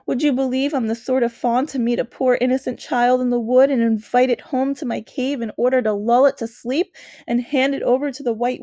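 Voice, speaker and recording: A gentle, fretful male faun speaks with earnest, polite remorse, as a woman reads him aloud. The voice sits a little high and the recording is close and dry, with no room sound. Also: no room sound, lightly acted. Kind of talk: storybook reading.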